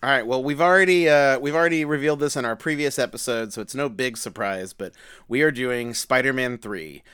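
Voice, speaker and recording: A man's voice: medium pitch, fairly quick, fairly bright tone, smooth. Chatty male podcast co-host. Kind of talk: casual chat.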